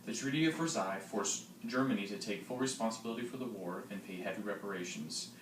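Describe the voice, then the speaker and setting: A teenage boy with a fairly low voice reads his part of a class project plainly and steadily. The sound is distant and roomy. Faint noise sits underneath. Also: quick pace. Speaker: student presenter. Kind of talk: school project narration.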